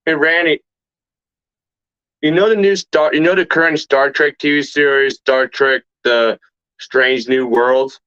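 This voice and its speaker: A man co-hosting a casual chat, eager and halting, often restarting his sentences. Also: mid-range voice, fairly even intonation, pushed and bright, clear, resonant tone, no room sound. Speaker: co-host. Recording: dry dull lo-fi audio.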